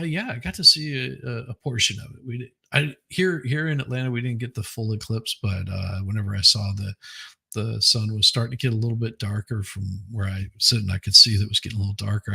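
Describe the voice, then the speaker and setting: A man's voice: fairly low pitch, vocal fry, pushed and bright, slightly rough. A man hosting a casual livestream, chatting and greeting viewers one by one with frequent restarts. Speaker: livestream host. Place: home, indoors.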